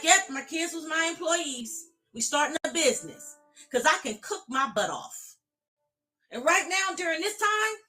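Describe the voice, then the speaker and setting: Bright-voiced woman coaching with preacher-like fire. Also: high voice. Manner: emphatic, preacher-like, addresses viewers directly. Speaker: life coach. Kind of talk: live-streamed motivational talk.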